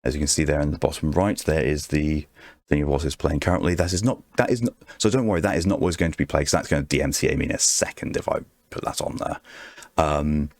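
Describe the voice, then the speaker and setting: A man streaming his art, talking softly in an ASMR-style murmur right on a close microphone, rambling to himself as he draws. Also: a bass voice, fast talker, no room sound. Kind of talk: soft ASMR-style stream chat while drawing. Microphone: very close desk microphone. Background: faint background music.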